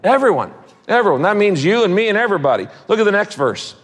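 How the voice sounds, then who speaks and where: A pastor with a fairly high male voice preaches with emphatic, repeated phrases and casual asides. His sermon rings with a long reverb tail from a large church hall. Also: sing-song, fast, husky.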